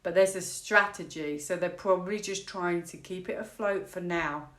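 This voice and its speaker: A woman's voice: fairly low pitch, moderate pace, a bit bright. A woman from the United Kingdom giving a casual tarot reading to camera, thinking aloud in a rambling, half-laughing way. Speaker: tarot reader. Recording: echoey room.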